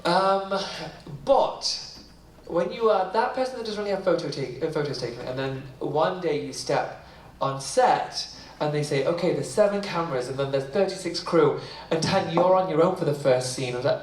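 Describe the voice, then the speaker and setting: A man's voice: a little high, animated, normal speed, a little hiss or hum. A British man in his thirties telling stories to an audience on stage, chatty and self-mocking, laughing often. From Britain. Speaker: author guest. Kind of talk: storytelling on stage. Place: library event hall with audience. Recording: roomy hall, mic heard from a distance.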